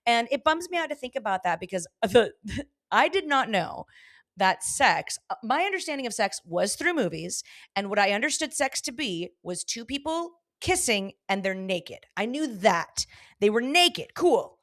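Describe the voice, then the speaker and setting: Very animated and fairly high-pitched, a woman from Los Angeles talks at a moderate pace with a fairly bright tone and a Southern California Valley girl accent. She's a comedian on a podcast, chatting candidly, breaking into laughter often and restarting sentences.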